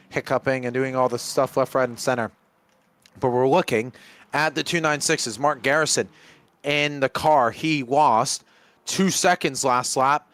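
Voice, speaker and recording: A man giving live commentary on a sim race, chatty and getting excited in close battles. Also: mid-range voice. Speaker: lead commentator.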